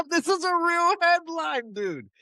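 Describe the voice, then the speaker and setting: Laughing Southern man, slow and high. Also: sing-song, bright, forceful tone, no echo. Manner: laughs often, reads headlines aloud haltingly. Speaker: podcast guest. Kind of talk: casual chat.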